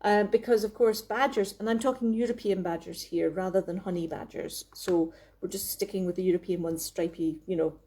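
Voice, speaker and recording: Lady rambling on a live stream from her phone, warm mellow voice, lots of restarts. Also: lowish voice, steady tone, brisk, hardly any pauses. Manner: chatty, rambling, with many restarts and laughs. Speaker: craft maker hosting a live chat. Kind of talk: casual live-stream chat. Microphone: phone camera.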